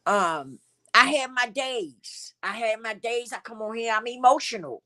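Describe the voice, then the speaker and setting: Bright-voiced emotional woman talking candidly. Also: on the high side, measured pace. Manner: emotional, candid, repeats phrases for emphasis. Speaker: channel host. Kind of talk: heartfelt personal vlog talk.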